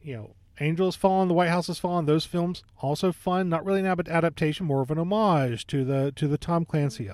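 A man with a slightly raised pitch riffs through a movie review, hedging with fillers and then landing punchy jokes. The recording is dry and close, with no room sound. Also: fairly quick, few pauses, a little mellow, no room sound. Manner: jokey, rambling, lots of fillers. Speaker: podcast co-host reviewing movies. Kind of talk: casual movie review chat.

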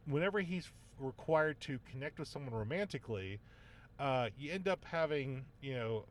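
A man co-hosting a casual movie review podcast, animated and jokey, with sarcastic asides. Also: mid-range voice, normal speed. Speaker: podcast co-host.

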